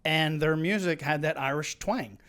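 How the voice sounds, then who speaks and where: A man's voice: a little high, normal speed, a bit bright. A man hosting a casual podcast chat, laughing easily and jumping between topics. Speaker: podcast host.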